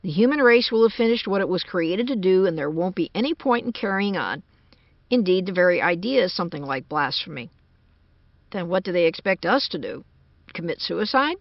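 A woman's voice: on the low side, animated, fairly quick, no echo. A woman voicing a worried American engineer man who speaks urgently and uneasily, on a dull lo-fi recording.

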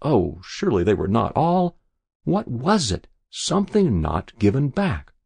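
A stubborn, sharp-tongued old woman on her deathbed, peevish and quick to scold, as a male narrator reads her. The voice sits fairly low and creaky, yet swings widely in pitch. It sounds dry and close, with no room around it. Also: huge pitch swings, no room sound, exaggerated voice. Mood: pleading. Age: older.

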